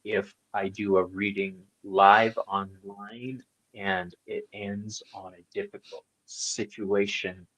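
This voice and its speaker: A man's voice: on the low side, fairly even intonation, takes it slowly, fairly bright tone, breathy edge, rough recording. A man hosting a tarot live-stream interview, talking in a blunt, wry, outspoken way. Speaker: host, tarot reader. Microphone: live-stream mic.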